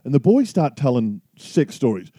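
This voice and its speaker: A middle-aged Australian man co-hosting a casual podcast chat, spinning a long yarn at an easy pace. His voice is mellow and dark, and the sound is dry and close. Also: medium pitch, big pitch swings, moderate pace, breathy edge, dry recording. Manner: easygoing storyteller spinning a yarn. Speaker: podcast co-host.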